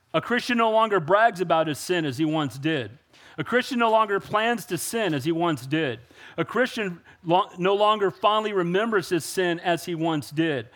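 A man preaching a sermon in an emphatic way, often calling out for an amen. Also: high voice. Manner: emphatic, rising to loud exclamations and call-and-response. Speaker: pastor.

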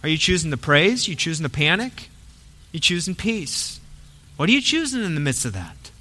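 A man preaching in a church, his voice high and strikingly bright. He shifts between hushed, gentle passages and loud, forceful emphasis. The sound carries a long hall reverb. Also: big pitch swings, moderate pace. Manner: dynamic preaching, swings from soft to forceful. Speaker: pastor. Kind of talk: sermon.

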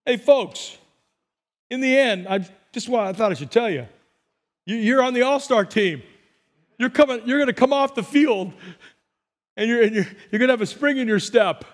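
A man preaching a sermon as pastor, telling stories and acting out voices, swinging between soft and loud. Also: very high-pitched, animated, normal speed, pauses often. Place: church sanctuary. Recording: long reverb of a large hall.

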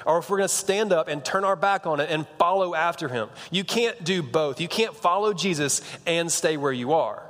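A young man preaching in a relaxed, chatty way, his slightly high voice carrying a long hall reverb. He drops into slang and restarts his sentences as he talks the congregation through a story. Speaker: pastor. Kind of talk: sermon.

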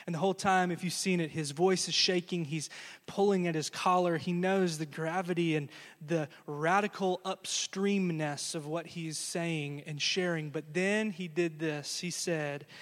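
High-voiced male pastor in an echoing hall. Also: steady tone, unhurried. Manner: storytelling, earnest, ending in quiet blessing. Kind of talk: sermon.

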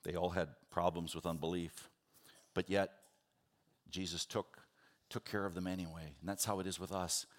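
A man preaching a sermon, earnest and animated, acting out the people in his stories. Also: low-pitched, normal speed, long pauses. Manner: earnest, animated, acts out the disciples in quotes. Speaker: pastor.

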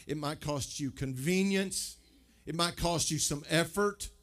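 A pastor preaching a sermon, conversational and emphatic, full of rhetorical questions. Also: male voice, a little high, unhurried, a bit bright.

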